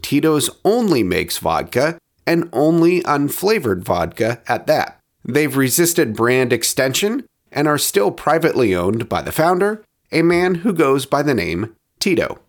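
A man hosting a podcast, describing a bottle and tasting it in a measured, descriptive way, with quieter asides as he handles it. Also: mid-range voice, big pitch swings. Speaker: podcast host reviewing spirits. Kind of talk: scripted review narration.

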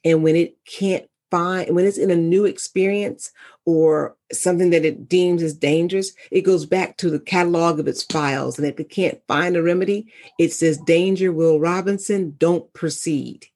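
A woman in casual conversation, speaking reflectively and with animated storytelling as a wellness coach. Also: on the low side, normal speed.

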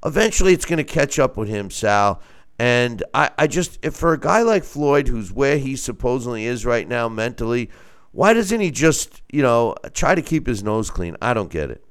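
Man with a very smooth, resonant voice. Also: medium pitch. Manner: animated, halting with fillers, wry. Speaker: host. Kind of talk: casual sports radio chat.

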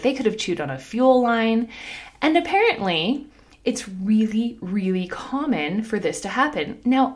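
A woman in her thirties hosting a podcast, telling a story in a casual, animated way, laughing often and saying "like" a lot. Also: mid-range voice. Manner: animated, laughing, heavy use of "like". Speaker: podcast host.

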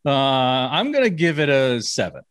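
A man's voice: mid-range voice, very animated, a bit bright, smooth. A man hosting a podcast in casual chat, upbeat, steering the talk and agreeing often. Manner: upbeat, leads the show, lots of quick agreeing. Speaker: podcast co-host.

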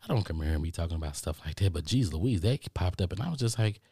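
A low-voiced middle-aged man from the United States rants through a casual podcast monologue. He keeps circling back to the same points and swears freely. His voice is close and dry, with no room sound. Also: fast, slightly rough, dry recording. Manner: animated, repetitive ranting, swears. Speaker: podcast host.

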